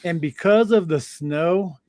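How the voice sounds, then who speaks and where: A man hosting a casual sports talk show, chatting in an animated way with lots of fillers and laughs. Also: a little high, takes it slowly, dry recording. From Denver. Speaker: podcast host. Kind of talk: casual chat.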